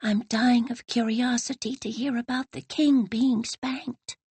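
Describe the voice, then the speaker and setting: A woman playing an impulsive young girl, whispering eagerly and a touch higher than the narration. The sound is close and dry. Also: unhurried, slightly rough, dry recording, exaggerated voice. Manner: hushed, excited whispering.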